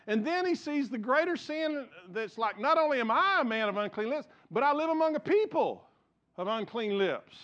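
High-voiced male pastor preaching. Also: animated, normal speed, fairly bright tone, dull audio. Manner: earnest, repeats words while building points. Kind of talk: sermon.

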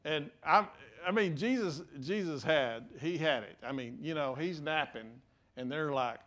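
Pastor man mid sermon, kinda high voice, trips over his words then gets loud. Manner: halting restarts, swings from quiet to emphatic.

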